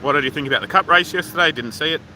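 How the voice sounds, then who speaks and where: A man's voice: fairly high pitch, very fast, bright, forceful tone, slight background noise, low-quality recording. An Australian man livestreaming outdoors from his phone, rambling casually and swearing freely while reading viewer comments. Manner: rambling, profane, offhand. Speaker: livestream host. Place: outdoors at a waterfall park.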